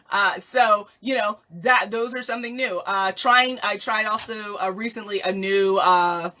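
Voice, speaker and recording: A woman host giving an energetic motivational talk to her viewers, emphatic and laughing often. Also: mid-range voice, unhurried.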